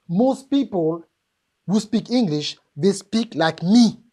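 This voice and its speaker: A woman's voice: mid-range voice, expressive, slow, warm tone, slightly rough. A woman with a French accent giving a live seminar talk on business, emphatic and joking as she addresses the audience directly. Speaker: business speaker.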